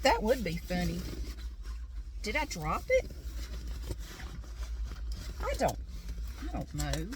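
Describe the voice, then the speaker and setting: A woman's voice: mid-range voice, noisy background. A middle-aged woman telling a casual vlog story, chatty and exasperated, ranting and swearing freely. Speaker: vlogger.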